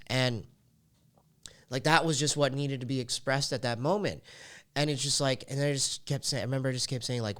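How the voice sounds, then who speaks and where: A man's voice: medium pitch, steady tone, a little fast, a bit bright. A man hosting a podcast, telling a personal story in a candid, emotional way and leaning heavily on "like" fillers. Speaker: podcast host.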